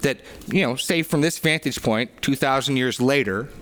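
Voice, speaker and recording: A man's voice: mid-range voice, moderate pace, fairly bright tone. A man leads a sermon discussion, reading passages aloud and explaining them with earnest emphasis. He often restarts his sentences as he works through a point. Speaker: pastor leading a sermon discussion. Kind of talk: reflective teaching discussion.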